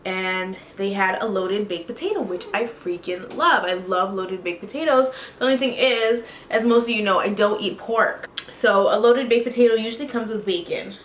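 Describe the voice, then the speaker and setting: A woman vlogger telling a story in a casual, animated, chatty way while doing her makeup, with quick laughs. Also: medium pitch, echoey room, a little hiss or hum. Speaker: beauty vlogger.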